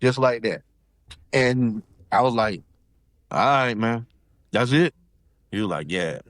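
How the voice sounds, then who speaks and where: A man's voice: medium pitch, expressive, slow, no room sound, clean studio sound. A man from South Carolina, telling a story in casual chat and acting out quotes in shifting voices. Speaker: podcast guest.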